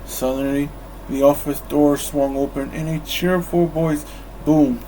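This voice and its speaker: A calm man reads a bedtime story at a very slow, unhurried pace. His voice sits at an ordinary pitch, with a faint hiss of background noise. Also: low-quality recording. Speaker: storybook reader.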